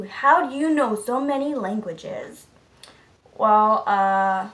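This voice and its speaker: A woman vlogger answering viewer questions in a casual, rambling way, with lots of "uh" fillers and stretches where she drops to a soft murmur. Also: mid-range voice. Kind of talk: casual Q&A vlog. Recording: roomy echo with faint background noise.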